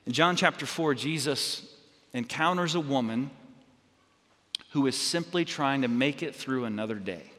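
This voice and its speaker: A man preaching a sermon as pastor, telling stories in a halting way with many restarts and fillers. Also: medium pitch, animated, pushed and bright, in a large hall.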